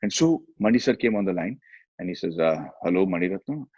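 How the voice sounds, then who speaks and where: A middle-aged man with an Indian English accent, telling animated stories in a casual chat and acting out the voices he quotes. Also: low voice, a little fast, breathy edge, no room sound, dull audio. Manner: animated, switches between English and Hindi, acts out quoted voices. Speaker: guest, film actor.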